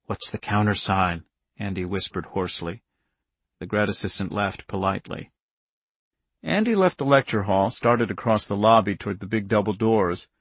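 A man reading a novel aloud in steady scripted narration, in a dry studio recording. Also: on the low side, normal speed, slightly rough, dry recording. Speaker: audiobook narrator.

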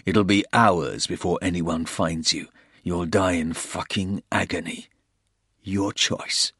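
A man's voice: low voice, steady tone, slow, fairly bright tone, slightly rough, dry recording, studio quality, heavily acted. A man voicing a hard, menacing soldier who threatens a captive. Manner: threatening, snarling, blunt.

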